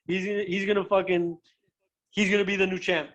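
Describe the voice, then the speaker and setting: A young man, a professional fighter, chatting as a guest and telling stories in an animated, profane way, often restarting his sentences. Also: high-pitched, a little fast, lo-fi sound. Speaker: guest, pro MMA fighter. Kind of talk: casual chat, storytelling.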